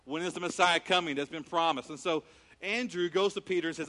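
A man preaching a sermon, animated, acting out scenes with quoted voices. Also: a little high, fairly quick. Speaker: pastor. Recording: long reverb of a large hall.

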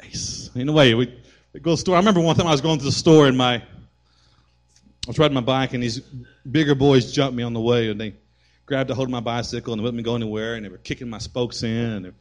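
A man pastor delivers a sermon in a church with a drawl. His storytelling is animated, jumping into acted voices and rising to shouts at the peaks. His pitch sits in an ordinary middle range. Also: fast. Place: church sanctuary.

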